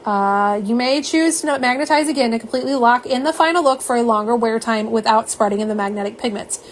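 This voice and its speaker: A woman's voice: fairly high pitch, fast, slight background noise. A woman hosting a live nail polish stream, talking casually and chattily to her viewers and answering their comments. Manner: chatty, talks straight to viewers as "y'all" and reads out chat comments.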